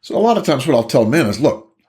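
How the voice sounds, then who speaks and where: A man's voice: medium pitch, sing-song, fast, darkish tone. Older guy, couples therapist, chatty storytelling, voice jumps around a lot. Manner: storytelling, acts out both partners' voices. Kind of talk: casual talk to camera.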